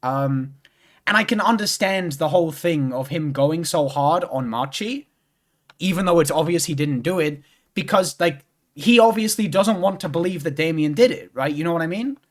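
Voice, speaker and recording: A young man talking casually over a game stream, his voice sitting a little higher than most men's. He rambles and loops back on himself, filling gaps with lots of "like" and "um". He swears offhandedly as he goes. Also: normal speed. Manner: rambling, full of "like" and restarts, swears freely. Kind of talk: casual chat while playing a game.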